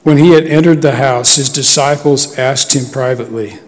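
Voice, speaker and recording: A man giving a measured, solemn scripture reading in a church. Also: mid-range voice. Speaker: scripture reader. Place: church sanctuary. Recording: long church reverb.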